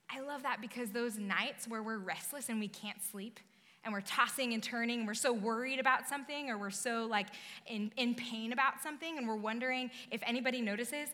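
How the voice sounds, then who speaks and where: Bright-voiced woman preaching in an echoing hall. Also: on the high side, normal speed. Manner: conversational and emphatic, rising to bursts of intensity. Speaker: pastor. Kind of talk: sermon. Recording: long reverb of a large hall.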